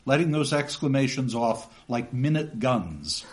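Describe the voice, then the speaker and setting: A man's voice: mid-range voice, very animated, unhurried. A man lecturing on a novel and reading passages aloud, with chatty asides that end in "okay?".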